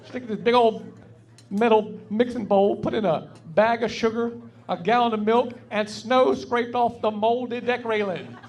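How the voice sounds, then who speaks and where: On a club stage, a North Carolina man with a Southern US accent does stand-up, telling folksy, wry stories into the mic. His voice is extremely high and steady in tone, and he speaks a little slowly.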